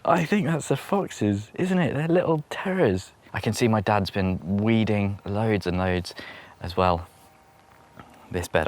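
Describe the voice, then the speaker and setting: A man talking casually to camera as he tours his outdoor allotment, chatty and rambling and laughing often, recorded on a handheld camera. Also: fairly low pitch. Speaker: allotment vlogger. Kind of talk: casual talk to camera while touring a garden plot.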